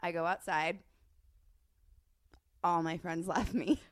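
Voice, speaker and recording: A woman's voice: fairly low pitch, fairly even intonation, takes it slowly, dry recording. A woman in her thirties, a podcast guest telling a story in casual chat, laughing often as she talks. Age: 30s.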